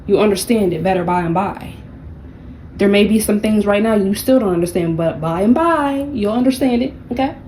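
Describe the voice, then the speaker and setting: A woman's voice: mid-range voice, fairly quick, a little mellow, a little hiss or hum, rough recording. A woman giving a casual tarot reading, blunt and profane, with sassy, mocking asides. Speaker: tarot reader.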